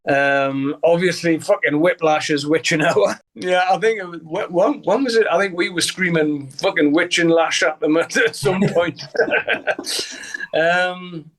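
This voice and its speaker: A man's voice: on the high side, fairly even intonation, normal speed, hardly any pauses, fairly bright tone. Older Geordie man, salty and laughing. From Newcastle, England. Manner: swears freely, laughs often, acts out voices in anecdotes. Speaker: guest musician. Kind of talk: casual interview storytelling.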